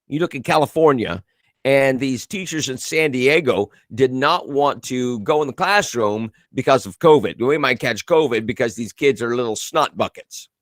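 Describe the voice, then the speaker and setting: A man's voice: medium pitch, moderate pace, no echo, studio quality. A man hosting a casual live commentary show, reading viewer comments and news aloud with a sarcastic edge. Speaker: host.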